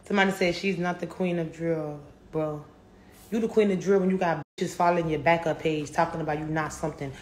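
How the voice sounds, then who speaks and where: A woman's voice: low-pitched, steady tone, fairly quick, darkish tone. A young adult woman rapper talking casually in an interview, brash, boastful and full of profanity. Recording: roomy echo.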